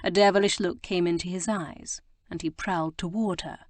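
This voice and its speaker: Casting: woman audiobook narrator, measured and expressive, lowish voice, dry studio sound. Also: no echo. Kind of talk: scripted narration.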